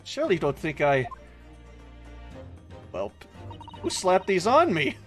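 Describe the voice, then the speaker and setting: A man's voice: sits high, huge pitch swings, fairly bright tone, soft background music, exaggerated voice. A man reading a flustered young student. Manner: flustered, halting read-aloud dialogue.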